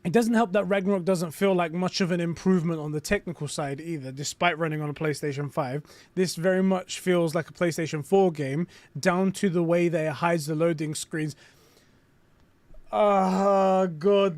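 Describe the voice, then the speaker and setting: A man hosting a casual live stream, reading aloud and reacting with excitement and frequent swearing. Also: fairly high pitch, normal speed, no echo.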